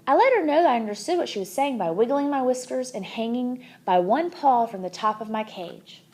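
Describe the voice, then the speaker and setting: Woman audiobook reader, children's chapter book, lively, slightly high voice. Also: a little fast. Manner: expressive, animated.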